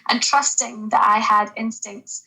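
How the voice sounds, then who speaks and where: A woman's voice: medium pitch, fairly even intonation, unhurried, bright, forceful tone, low-quality recording. A woman who works as a GP, speaking as a guest in a podcast interview, earnest and reflective, with hesitant restarts.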